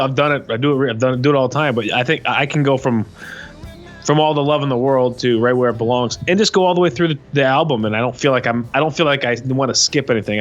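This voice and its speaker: Man, podcast host, mid-pitched, rambling, enthusiastic, faint music behind. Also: highs cut off. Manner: rambling and enthusiastic, many restarts. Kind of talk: casual discussion of music.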